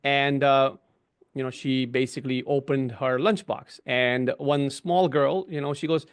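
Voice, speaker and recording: A man's voice: medium pitch, fairly even intonation, unhurried, clear, resonant tone. A middle-aged man on a video call giving an explanatory webinar talk, often tagging "right?" and "you know". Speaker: webinar guest. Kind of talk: conversational webinar discussion.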